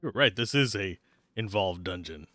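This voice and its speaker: Man gaming, lively and playful. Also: fairly low pitch, moderate pace, no echo, soft background music. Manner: playful, joking. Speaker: gamer co-playing a let's play. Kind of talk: casual chat over gameplay.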